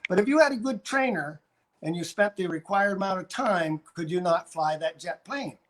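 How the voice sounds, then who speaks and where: A man's voice: high voice, lively intonation, moderate pace. An older man from Canada, a dog trainer, coaching viewers on a live stream and going over his points again and again with demonstrations.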